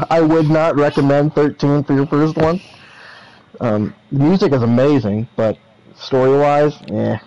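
A man's voice: fairly high pitch, fairly even intonation, a little slow, dark tone. A man co-hosting a game stream, playful and teasing in casual chat. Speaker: co-host. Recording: dull, lo-fi sound.

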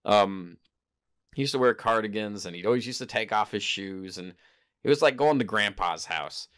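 Man, podcast host, casual solo talk, rambling, hesitant, self-correcting, clear smooth tone. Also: on the low side, a bit bright. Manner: rambling, hesitant, often correcting himself mid-sentence. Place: home in Japan.

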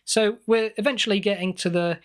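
A man's voice: high-pitched, steady tone, fairly quick, clear, resonant tone. A young man from southwest England co-hosting a comedy podcast, spinning absurd stories in a faux-earnest tone. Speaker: podcast co-host. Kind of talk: improvised comedy podcast banter.

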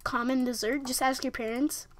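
A young woman giving casual gameplay commentary, rambling and halting with fillers and restarts. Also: high-pitched, fairly even intonation. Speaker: gamer.

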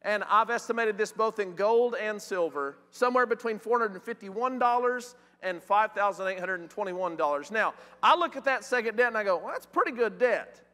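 Male preacher, high and bright, emphatic sermon delivery. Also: expressive, fairly quick, few pauses. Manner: questioning, emphatic, reads scripture aloud. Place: church sanctuary. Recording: church hall with long reverb.

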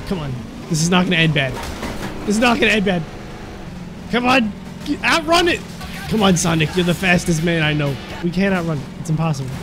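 A young man giving excitable gameplay commentary, laughing and talking to the characters on screen. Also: fairly high pitch. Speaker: gaming YouTuber. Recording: music playing behind.

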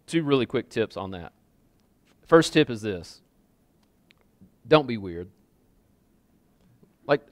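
A man's voice: a little high, fairly bright tone, dry recording, studio quality. A man preaching a sermon as pastor, in a loose, conversational way full of casual fillers and repeats, speaking in a church. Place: church sanctuary with a congregation.

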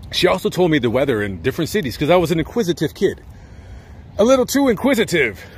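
A man with a husky, slightly rough voice tells a story outdoors at a graveside. He rambles and chats casually, dropping joking asides as he goes. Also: on the high side, sing-song, fast. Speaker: vlogger. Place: outdoors at a cemetery.

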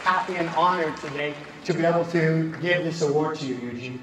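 A man's voice: fairly high pitch, fairly quick, fairly bright tone. A man giving an emotional, heartfelt speech as he presents awards at a gala. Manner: heartfelt, sometimes choked with emotion. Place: large banquet hall on stage. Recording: echoey hall with long reverb. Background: music and crowd.

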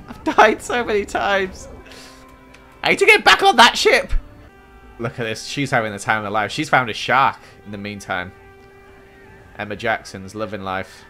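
Animated man reacting to a game. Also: mid-range voice, moderate pace, pauses often, soft background music. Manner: animated, exclaims and gasps often, dramatic reactions. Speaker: gaming YouTuber. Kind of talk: excitable gameplay commentary.

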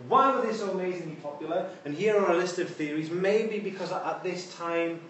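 A high-pitched, slightly bright male voice moves fairly quickly through an informal university lecture sprinkled with wry asides. The sound comes from a distant room mic in an echoey lecture hall, with slight background noise.

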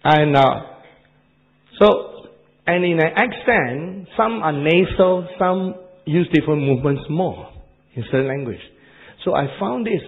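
A man with an Asian accent preaching a sermon, animated and repetitive, laughing at his own jokes. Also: fairly high pitch, measured pace, phone-quality sound.

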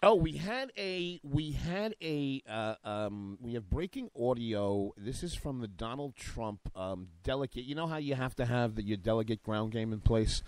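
A man co-hosting a talk radio show, brash and excitable, talking loudly from a studio. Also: medium pitch, moderate pace, few pauses, dry recording. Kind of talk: loud talk radio banter.

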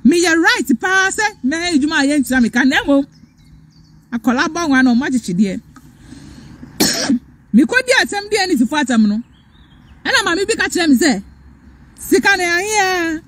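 A woman's voice: high-pitched, lively intonation, a little fast, pauses often, fairly bright tone. A Ghanaian woman hosting a live stream, lecturing fiercely and repeating her points. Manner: fiery, lecturing, repeats phrases, switches between English and Twi. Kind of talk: impassioned live-stream rant.

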